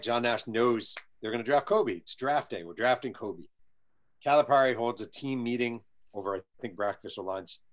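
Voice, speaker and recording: A man's voice: on the low side, a bit bright. A man being interviewed as an author, telling a long anecdote with energy and acting out the people in it. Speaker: guest author. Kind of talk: storytelling interview answer.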